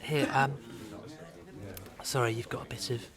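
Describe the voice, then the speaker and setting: A man's voice: medium pitch, steady tone, a little slow, crowd noise, lightly acted. An actor playing an awkward, rambling young Englishman at a wedding, talking in hesitant stammers and nervous laughs. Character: awkward rambling man at a wedding, fumbling and overeager. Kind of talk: radio comedy monologue.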